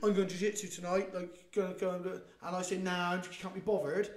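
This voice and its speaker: A man hosting a podcast, telling blunt, animated stories in casual chat and swearing freely. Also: sits high, fast, roomy sound.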